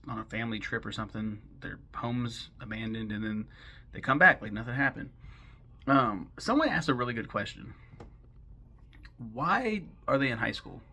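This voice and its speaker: A man's voice: medium pitch, gravelly, bright, forceful tone. A man giving a casual, rambling film recap, sarcastic and swearing freely as he goes. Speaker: film commentary host.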